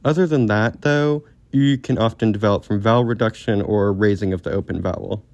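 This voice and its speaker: A man giving a scripted, steady, lightly informal explainer narration as a video creator. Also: on the low side, brisk, dry recording, lo-fi sound.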